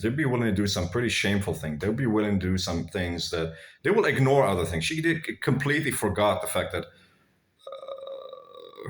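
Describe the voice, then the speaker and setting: A man telling blunt, crude personal stories to his viewers in a rambling, casual way, calling them guys. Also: fairly low pitch. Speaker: vlogger. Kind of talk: casual storytelling to camera.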